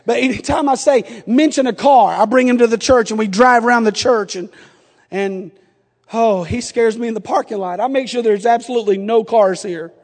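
A man in his forties, a pastor preaching a sermon, telling a humorous family story that builds into fervent, shouted appeals. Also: very high voice, normal speed. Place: church sanctuary. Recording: long reverb of a church sanctuary.

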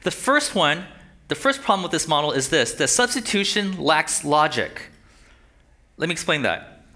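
A man delivers a sermon in a fairly high voice. His tone is bright and tense. He speaks conversationally and keeps checking in with his listeners. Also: big pitch swings, moderate pace. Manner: conversational, checks in with rhetorical questions. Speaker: pastor.

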